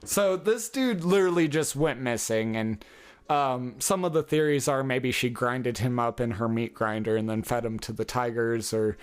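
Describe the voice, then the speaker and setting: A man's voice: medium pitch, normal speed, clear, resonant tone. Rambling, foul-mouthed male podcaster. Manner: rambling, heavily profane, chuckles often. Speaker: podcast host. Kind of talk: casual solo podcast monologue.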